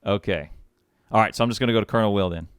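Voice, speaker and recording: A man hosting and casting a game match on a live stream, chatty and quick to laugh. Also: lowish voice, smooth, no echo, studio quality. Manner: chatty, with lots of laughs and restarts. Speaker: shoutcaster and match host. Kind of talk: casual live stream talk.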